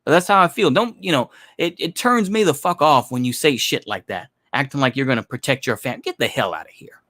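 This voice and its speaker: A man's voice: medium pitch, lively intonation, a little fast, sharp tone, no room sound, clean studio sound. A man delivering a blunt, profane opinion monologue in a casual, rambling way, with lots of filler phrases. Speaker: commentary channel host.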